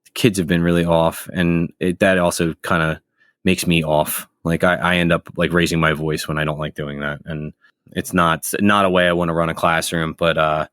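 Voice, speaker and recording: A man co-hosting a podcast in casual chat, relaxed and rambling, with a close mic. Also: low-pitched, moderate pace, dry recording. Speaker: podcast co-host.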